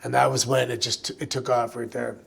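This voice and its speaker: A man answering fan questions at a live show, telling animated stories with frequent restarts. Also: medium pitch, a little fast, creaky, slightly rough. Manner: animated, chatty storyteller who restarts sentences. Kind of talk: live on-stage storytelling Q&A. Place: live show venue with audience.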